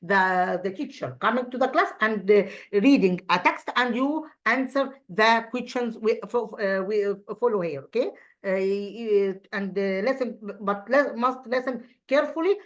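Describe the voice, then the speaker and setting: A woman's voice: a little high, moderate pace. Hesitant Egyptian woman teaching English. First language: Arabic. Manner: hesitant, many fillers and restarts. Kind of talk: recorded online grammar lesson.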